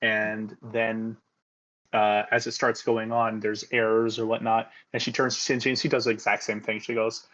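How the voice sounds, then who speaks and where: A man's voice: lowish voice, normal speed. Man with a muffled casual voice. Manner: relaxed storytelling with fillers. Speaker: podcast co-host. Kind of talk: casual chat.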